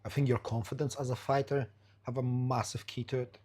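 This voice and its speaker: Blunt, husky male podcast host. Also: medium pitch, flat delivery, a little fast, a little mellow. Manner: blunt and profane, in non-standard English. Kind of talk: casual interview chat.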